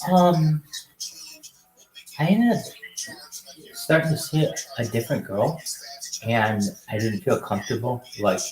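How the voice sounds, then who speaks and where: A young man hosts a casual livestream, calling out loud, excited hellos to strangers on video chat. His voice sits at an ordinary middle pitch. A roomy echo hangs around every word. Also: unhurried, pauses often. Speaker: livestream host.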